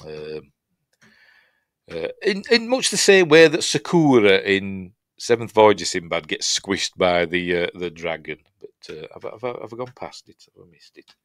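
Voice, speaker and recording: A man's voice: low-pitched, sing-song, moderate pace, a bit bright, dry recording. Rambling Yorkshire man reviewing an old film. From Yorkshire, England. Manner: rambling, chatty, dry humour, acts out lines in silly voices. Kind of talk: casual film breakdown narration.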